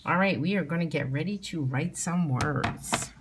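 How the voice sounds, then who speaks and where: A woman's voice: low-pitched, normal speed, very noisy. A middle-aged woman teacher leading a phonics spelling lesson for young children at home, patiently sounding out letters and words.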